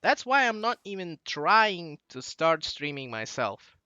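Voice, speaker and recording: A man's voice: fairly high pitch, very animated, a little slow, pushed and bright, clear, resonant tone, no room sound, highs cut off. A young man in his late teens with a Russian accent, rambling through a casual monologue that drifts off track. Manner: digressive, loses his train of thought. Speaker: channel host.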